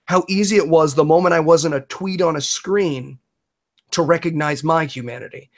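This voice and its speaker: A man, a comedian and magician, telling stories in a fast, animated way in a casual video-call chat, with lots of restarts. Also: fairly high pitch. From New York.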